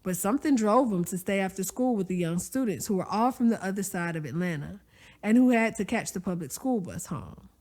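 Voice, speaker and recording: A woman narrating a story aloud, expressive and conversational, with folksy asides to the listener. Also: medium pitch, brisk. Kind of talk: audiobook-style story narration.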